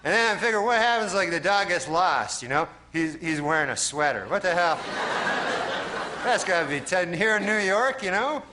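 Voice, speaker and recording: A man from Canada, a stand-up comedian telling rambling deadpan bits full of "you know" and then chatting as a guest. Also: sits high, moderate pace. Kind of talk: stand-up monologue, then interview chat. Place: TV studio with live audience. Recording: TV studio audience laughter and noise.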